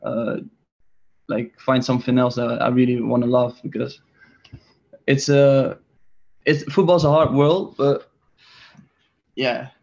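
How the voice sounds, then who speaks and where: A man's voice: mid-range voice, fairly even intonation, takes it slowly, gravelly, pauses often, darkish tone, muffled recording. A young man from the Netherlands in his twenties with a Dutch accent, answering interview questions in a hesitant, filler-heavy way. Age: 20s. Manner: hesitant, many fillers and restarts. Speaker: soccer player guest.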